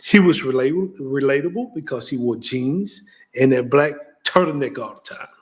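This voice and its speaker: A man hosting a motivational talk show, speaking casually and directly to the listener, stammering and repeating himself as he gets excited. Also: medium pitch, moderate pace. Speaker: host.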